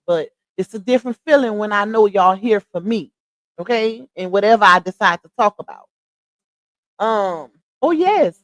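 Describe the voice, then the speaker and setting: A woman with a fairly high voice hosts a relaxed livestream, talking directly to her viewers and laughing a lot as she goes. The recording has no room sound.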